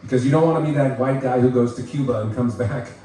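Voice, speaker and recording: A man's voice: mid-range voice, fast talker, dark tone. A man from the United States telling a stand-up story to a live crowd, loose and laughing as he talks. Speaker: stand-up comedian. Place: bar with live audience. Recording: echoey venue, crowd noise, mic at a distance.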